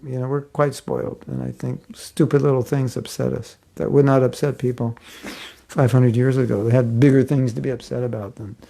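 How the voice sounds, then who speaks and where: A man's voice: medium pitch, fairly even intonation, brisk, vocal fry, warm tone. A man giving a devotional class, telling stories in a conversational way and chuckling often. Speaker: spiritual teacher.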